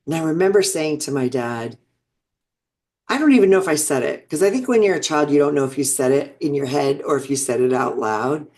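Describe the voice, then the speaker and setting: A woman's voice: sits low, animated, brisk, a little mellow. A woman in her sixties, an interview guest telling personal stories in a reflective, earnest way, often restarting sentences. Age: 60s. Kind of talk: personal storytelling.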